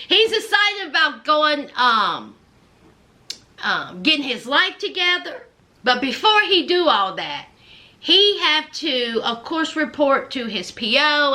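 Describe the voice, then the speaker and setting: A woman recapping a reality TV show in casual, chatty commentary, gushing and acting out what people said. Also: sits high. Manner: animated storyteller who acts out quotes; chatty and gushing, with many fillers.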